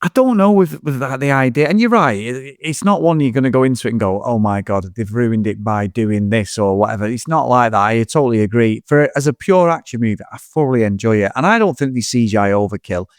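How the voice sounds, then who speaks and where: A man's voice: mid-range voice, fast, hardly any pauses, no room sound, clean studio sound. A man, a podcast co-host chatting casually about a film, swearing and acting out scenes. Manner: swearing, animated, acts out scenes in quotes. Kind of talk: casual film review chat.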